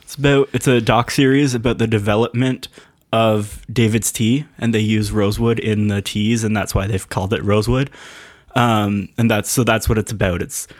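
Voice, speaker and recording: A man's voice: lowish voice, steady tone, normal speed. A man in a casual chat, playfully making up absurd plots with a straight face while guessing. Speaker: podcast co-host guessing show plots.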